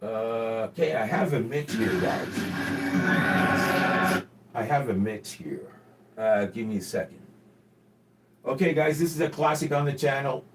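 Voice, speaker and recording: A man's voice: mid-range voice, animated, a little slow, long pauses, noisy background. A man in his forties with a slight Quebec French accent, chatting casually on a gaming livestream in a rambling, profane, earnest way. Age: 40s. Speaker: gaming streamer.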